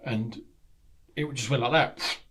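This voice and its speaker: Bloke, middle-aged, telling stories on a podcast, lively, swears a lot, does everyone's lines. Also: male voice, medium pitch, slow pace, slightly rough. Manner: animated, acts out voices, swears freely. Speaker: guest. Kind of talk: candid storytelling.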